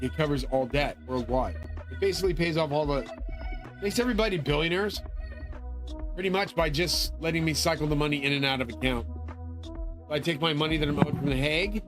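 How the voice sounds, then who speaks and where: A man delivers a meandering, expletive-heavy rant to his viewers. His voice runs somewhat high for a man, and he swings between bluster and grievance. Faint music plays behind him. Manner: angry, swearing, grandiose ranting. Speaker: channel host. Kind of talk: profane rambling monologue.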